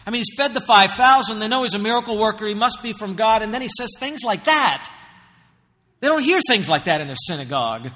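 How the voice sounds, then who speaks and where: A man delivers a sermon in a high voice with a piercingly bright, sharp tone. He preaches emphatically, rising to loud exhortation and then dropping to a hush. A long reverb from a large hall trails after his words. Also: expressive, fast. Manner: emphatic preaching, swinging between loud and hushed. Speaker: pastor.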